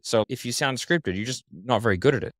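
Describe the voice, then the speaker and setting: A man's voice: mid-range voice, lively intonation, fairly quick, a bit bright, no echo, studio quality. A man giving casual interview talk as a podcast guest, confident and blunt, explaining with examples.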